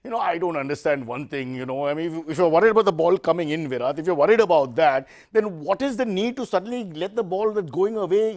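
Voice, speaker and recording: A man's voice: on the high side, quick pace, few pauses, a little mellow, a little hiss or hum. A man hosting a satirical news comedy show, sarcastic and self-mocking.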